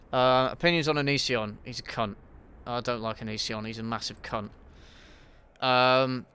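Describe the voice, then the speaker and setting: A male YouTube host takes viewer questions on a casual livestream while gaming, blunt and sweary, constantly umming and restarting. His voice is medium-pitched, sharp, clear, and resonant.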